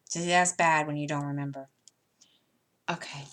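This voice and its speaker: A middle-aged woman with a light Southern American accent talks on and on in a loose, rambling way, her sentences often trailing off into fillers. Her voice sits a little low for a woman. She sounds like a crafter chatting casually to her viewers. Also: steady tone, moderate pace, fairly bright tone. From United States. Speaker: cross-stitch vlogger. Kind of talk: casual chat while sorting floss.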